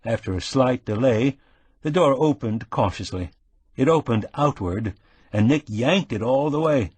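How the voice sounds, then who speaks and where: Husky male audiobook narrator. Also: mid-range voice, lively intonation, measured pace, a little mellow, dry recording.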